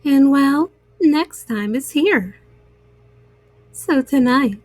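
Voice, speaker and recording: A woman reading bedtime stories aloud to young listeners, gentle and soothing. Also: high voice, expressive, very slow, long pauses, no room sound. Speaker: storyteller.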